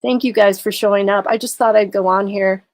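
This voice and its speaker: A woman's voice: medium pitch, fairly even intonation, a little fast, a little mellow, no echo. A tired woman livestreaming in casual chat, talking through a case and greeting her viewers. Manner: chatty, greets viewers, many fillers. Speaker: true crime livestreamer.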